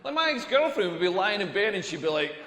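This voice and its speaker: A man's voice: high-pitched, big pitch swings, fast, a bit bright. A Scottish man doing a crude, self-deprecating stand-up comedy set on a club stage. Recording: echoey room with long reverb.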